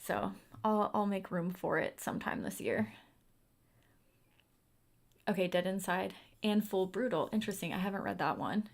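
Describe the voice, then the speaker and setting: A woman's voice: mid-range voice, lively intonation, moderate pace, vocal fry, pauses often. A young woman hosting a livestream in a casual, chatty way, answering viewer comments as she goes. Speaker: livestream host. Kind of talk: casual chat.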